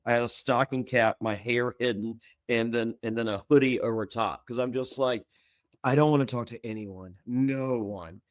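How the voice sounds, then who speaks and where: A man telling stories as a podcast guest, animated and self-mocking, often stammering and repeating words and jumping high when he quotes people. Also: normal speed, dry recording, clean studio sound. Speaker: guest, former reality show contestant. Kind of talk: casual storytelling in a podcast interview.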